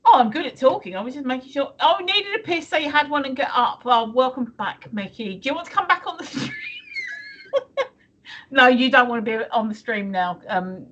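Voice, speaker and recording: High, bright, sweary woman co-host. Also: expressive, moderate pace. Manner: chatty, sweary, teasing. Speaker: stream co-host. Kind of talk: casual live-stream chat.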